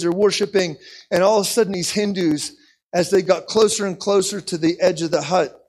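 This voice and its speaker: A man's voice: sits high, darkish tone. A man preaching a sermon, telling a story with lots of repeated words and a frequent "okay?" to the listeners. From United States.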